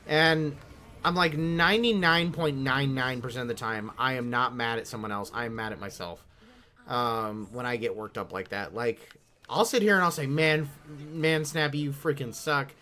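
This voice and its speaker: A man's voice: medium pitch, normal speed. A man streaming a game, telling rambling stories and quoting others in a raised voice, swearing freely. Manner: rambling, animated storytelling with mimicked quotes. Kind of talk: casual gaming stream chat.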